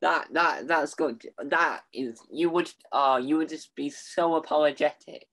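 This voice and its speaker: Eager, halting young interviewer. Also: medium pitch, a bit bright. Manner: eager, halting, many restarts. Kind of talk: casual interview.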